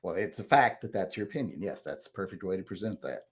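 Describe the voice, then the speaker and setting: A man's voice: deep voice, animated, fast. Rambling middle-aged man reading comments. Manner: rambling, self-correcting, plain-spoken. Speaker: host. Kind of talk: casual chat reading viewer comments.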